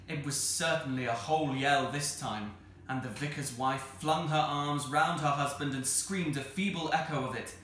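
A man reading a children's novel aloud as a storyteller, expressive and measured. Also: medium pitch. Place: arts centre hall. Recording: roomy hall with faint noise.

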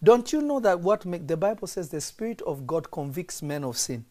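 A man's voice: high voice, expressive, moderate pace, mellow. Emphatic man preaching to a small group. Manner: emphatic, repeats key lines, quizzes listeners. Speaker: prophet and podcast host. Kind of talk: preaching teaching on a podcast.

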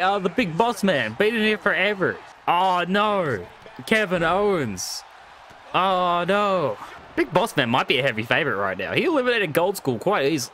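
Here a young man with a high-pitched voice streams a wrestling video game, with a little hiss or hum in the recording. His casual commentary is packed with jokes, curses and frequent laughs, and he gets excitable.

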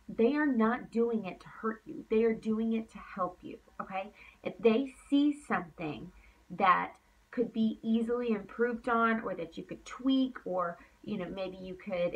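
A woman's voice: medium pitch, recorded from a distance, poor audio. A woman giving a motivational coaching talk to her sales team. She is emphatic, repeats points for effect, and is tired from talking late at night. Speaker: team leader.

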